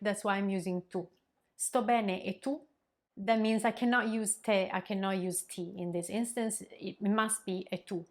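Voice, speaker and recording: Woman teaching a lesson. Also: mid-range voice. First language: Italian. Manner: clear, explanatory, repeats example phrases slowly. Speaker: Italian language teacher. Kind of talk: scripted language lesson.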